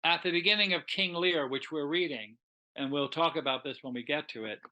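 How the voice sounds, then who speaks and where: Bright-voiced man lecturing on literature. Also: on the high side, a little fast, highs cut off. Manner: animated, conversational retelling with quoted dialogue.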